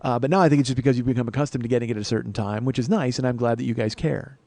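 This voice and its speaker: A middle-aged man hosting a comedy podcast, rambling through a solo monologue with self-mocking asides and sudden bursts of loud mock-outrage. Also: medium pitch, fairly even intonation, racing, no echo. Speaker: podcast host.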